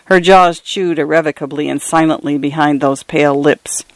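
A male audiobook narrator reads first-person literary fiction in a calm, measured way. His voice sits a little high, and the recording is dry and close. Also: dry recording.

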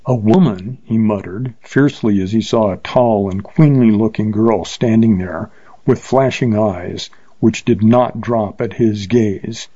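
A man reads an old Western adventure aloud at a steady, measured pace. His tone is mellow and warm, the recording is dry with no room echo, and the sound is a little dull. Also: fairly low pitch, slightly rough. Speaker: narrator. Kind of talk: audiobook narration.

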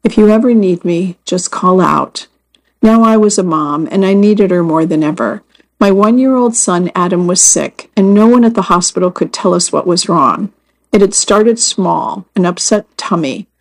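A woman reading first-person magazine stories aloud as scripted narration, in a measured and earnest way. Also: fairly low pitch, rough recording. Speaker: magazine story reader.

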